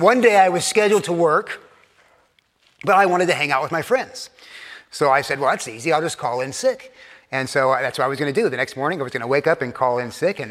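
A middle-aged male pastor gives a relaxed, conversational sermon. His voice sits a little higher than most men's. He often stumbles into restarts and breaks into short chuckles. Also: long reverb tail. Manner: conversational and self-deprecating, frequent restarts and chuckles.

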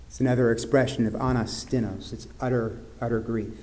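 A man's voice: medium pitch, fairly even intonation, brisk. Man preaching an earnest sermon. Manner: earnest preaching, drops to soft grave tones. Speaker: pastor.

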